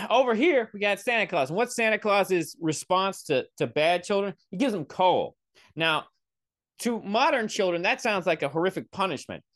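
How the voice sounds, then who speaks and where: A man's voice: high-pitched, lively intonation, normal speed, fairly bright tone, no room sound. A young man hosting a podcast, ranting in a sarcastic, profane, rambling way into a close mic. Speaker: podcast host. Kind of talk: comedic solo rant.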